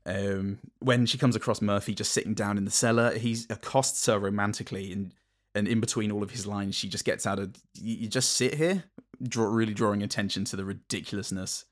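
Low-voiced man chatting haltingly about a film. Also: flat delivery. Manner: halting, many restarts, dry humour. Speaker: podcast co-host. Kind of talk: casual film review chat.

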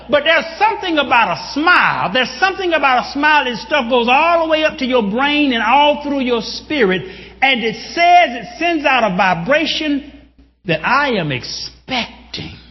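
High-voiced man preaching in an echoing hall. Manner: animated preaching, bursts into shouts, addresses the congregation directly. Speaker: pastor. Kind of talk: sermon. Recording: dull lo-fi sound with long hall reverb.

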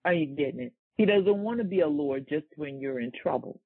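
A man's voice: on the high side, expressive, a little fast, vocal fry, husky. A man preaching a sermon in a call-and-response style. He repeats phrases and asks the congregation to fill in words. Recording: tinny, phone-like sound.

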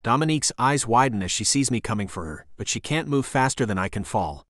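A man narrating a first-person romance audiobook in a measured storytelling manner, on a close studio mic. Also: medium pitch, lively intonation, fairly bright tone, no room sound.

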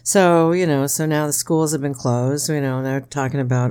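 A podcast co-host in casual chat, an animated storyteller who laughs often and keeps saying "you know". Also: normal speed, clear, resonant tone. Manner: animated storyteller, jumps into high-pitched impressions, laughs often.

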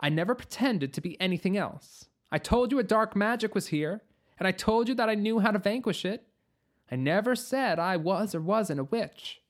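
A narrator voicing a guarded young female witch who speaks softly and pointedly. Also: medium pitch, expressive, moderate pace, voice pushed up, natural voice.

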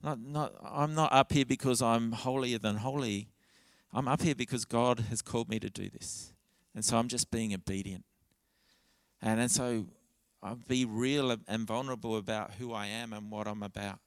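A man's voice: mid-range voice, steady tone, moderate pace, no room sound. A man preaching a church sermon in an earnest, candid way, often restarting his phrases.

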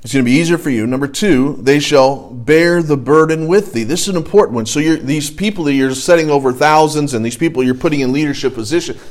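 Leading a Bible class for adults at church, a middle-aged man speaks fast with few pauses in a slightly high, darkish voice. His anecdotes drift sideways casually, rising into bursts of emphasis.

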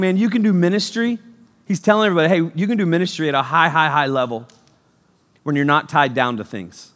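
A man in his thirties preaching with energy and humor, his fairly high voice jumping from loud bursts to near-whispers. He plays to the room with quick jokes. The sound carries the long reverb of a large hall. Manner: energetic, jokey, swings between loud and hushed. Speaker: youth pastor. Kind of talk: sermon.

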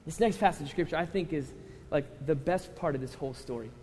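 A man preaching a sermon, his voice sitting high and carrying through a long, reverberant church hall. He talks with the congregation conversationally, then swells into loud, impassioned runs, with a faint hum of ambience underneath. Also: brisk. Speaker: pastor.

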